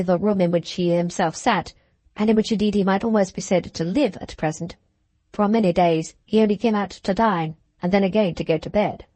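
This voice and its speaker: A woman's voice: mid-range voice, darkish tone, no echo. Woman reading a novel in a dry voice. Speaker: audiobook narrator. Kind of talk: scripted audiobook narration.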